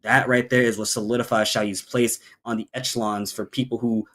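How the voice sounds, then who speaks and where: A man giving color commentary on a fighting game match, joking and animated with loud exclamations. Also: mid-range voice, brisk.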